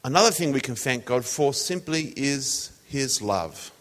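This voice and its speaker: A man's voice: mid-range voice, lively intonation, unhurried. A man preaching a sermon in a conversational, storytelling way. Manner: conversational, tells jokes as illustrations. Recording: long hall reverb.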